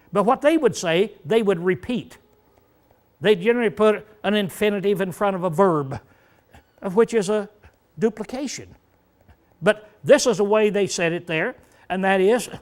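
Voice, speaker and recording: An older man with a high voice preaches a Bible study sermon in a folksy style. He often clears his throat and poses rhetorical questions to the congregation.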